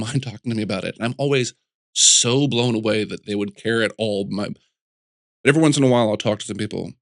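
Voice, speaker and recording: A man who sculpts, chatting as an interview guest, telling animated stories full of restarts and little voices. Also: medium pitch, no room sound, clean studio sound. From United States. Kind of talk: casual interview chat.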